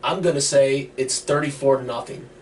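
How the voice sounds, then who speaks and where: A man's voice: medium pitch, fairly even intonation, moderate pace. Hesitant man giving sports picks. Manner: hesitant, many fillers. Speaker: co-host making picks. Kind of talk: casual sports chat. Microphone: online call. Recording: distant mic with faint noise.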